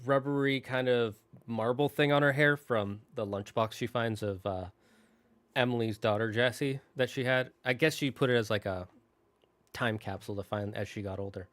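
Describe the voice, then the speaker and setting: A man's voice: mid-range voice, normal speed, fairly bright tone, dry recording. A male host casually retelling a movie's plot, rambling with fillers and acting out the characters' lines. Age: adult, married. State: tearing up at times. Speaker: show host.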